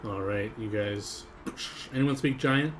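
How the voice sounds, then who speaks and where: A man narrating as game master of a tabletop game stream, relaxed, laughing often, with plenty of fillers. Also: lowish voice, slow, a little hiss or hum.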